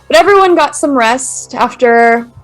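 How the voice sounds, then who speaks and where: A woman narrating as game master of a tabletop game, with slow, dramatic storytelling. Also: high-pitched, expressive, soft background music, low-quality recording.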